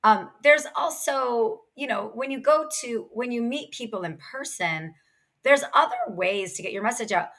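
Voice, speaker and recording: A woman in her thirties chatting as a podcast guest. Her voice is bright and a bit tense, and her delivery is lively and quick. She gives practical sales tips in an easy, talkative way. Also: on the high side. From Ohio. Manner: energetic, quick, chatty with laughs. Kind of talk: casual interview chat.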